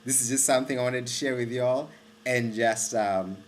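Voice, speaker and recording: A man from Kenya talking about wine in a casual monologue, rambling and animated, often restarting his sentences. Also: medium pitch, moderate pace, slight background noise. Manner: rambling, with frequent restarts and self-corrections; animated and excitable. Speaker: wine vlogger.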